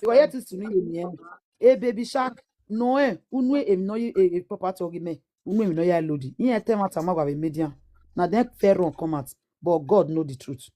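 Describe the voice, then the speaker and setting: A woman's voice: fairly low pitch, brisk, warm tone. A Nigerian woman in her forties with a Nigerian Pidgin accent, ranting casually in a preachy, scolding way and firing rhetorical questions. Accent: Nigerian Pidgin English. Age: 40s. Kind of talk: animated casual rant.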